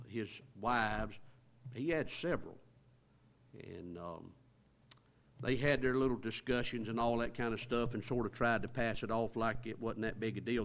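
A man's voice: lowish voice, vocal fry. A man preaching a sermon in a folksy, conversational way, stretching words for emphasis.

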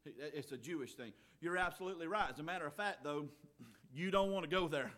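Folksy preacher, bright voice. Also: male voice, a little high, a little fast. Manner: folksy preaching, swings from quiet asides to shouting. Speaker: pastor. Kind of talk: sermon.

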